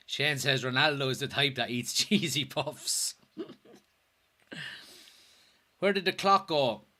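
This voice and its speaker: Bright-voiced Irish man hosting a stream. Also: mid-range voice. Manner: jokey, swears, reads viewer comments aloud. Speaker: host. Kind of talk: casual livestream watchalong chat.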